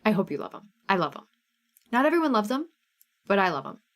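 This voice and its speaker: Woman, Midwestern American accent, 30s, bubbly live-stream host, casual chat, mid-pitched voice. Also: big pitch swings, fast talker. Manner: chatty, reads out viewer names, bubbly.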